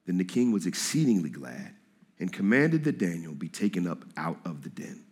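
A man preaching a sermon to a congregation in a lively, conversational way, reading scripture and speaking in casual slang. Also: deep voice, moderate pace, long pauses. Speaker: pastor. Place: church hall with congregation.

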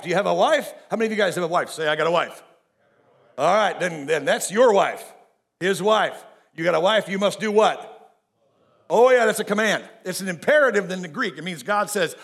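This is a middle-aged man delivering a sermon. His voice sits a little high for a man. He keeps it folksy and animated and talks straight to his congregation. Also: a little slow. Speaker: pastor.

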